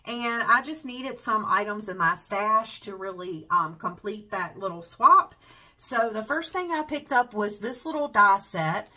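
A woman's voice: mid-range voice, measured pace, rough recording. A woman with a Southern US accent, hosting her craft channel in casual chat. She sounds congested and nasal from a cold and rambles along with lots of fillers. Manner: chatty, warm-hearted, says y'all and um a lot.

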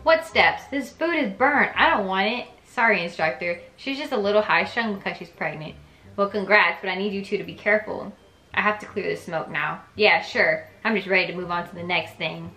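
A woman's voice: medium pitch, fairly quick, pushed and bright, roomy sound. A young woman reads aloud the dialogue of a story game, breaking in with chatty, reactive comments of her own. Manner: chatty and reactive, switches between reading and commenting. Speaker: gaming YouTuber reading a story game aloud.

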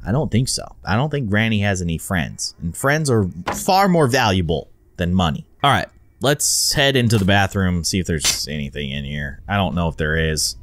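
A man's voice: low-pitched, lively intonation, normal speed, a bit bright, slight background noise. A young man hosting a gameplay video, chatting playfully and amusing himself. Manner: playful, self-amused, chatty with repeated restarts. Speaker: gaming video host. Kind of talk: let's play commentary.

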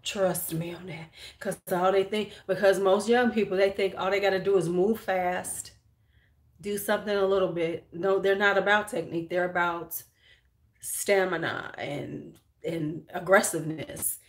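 A woman's voice: fairly low pitch, fairly even intonation, moderate pace. A middle-aged woman hosting a beauty livestream, chatting casually and frankly while doing her makeup, joking bawdily with viewers.

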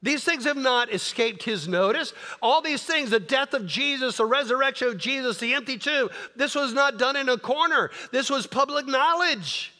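A man's voice: very high voice, animated, moderate pace, hardly any pauses, sharp tone, in a large hall, pitched above the performer's own voice, full character voice. A man preaching puts on an apostle insisting firmly on public facts. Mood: insistent. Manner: emphatic, insistent. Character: bold apostle defending his faith, man.

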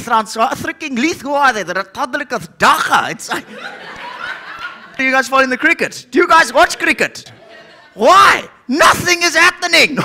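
A man voicing a brash, cheeky male puppet in ventriloquist stand-up comedy, loud and mocking, swearing and shouting the punchlines. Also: extremely high pitch, pitched above the performer's own voice, exaggerated voice.

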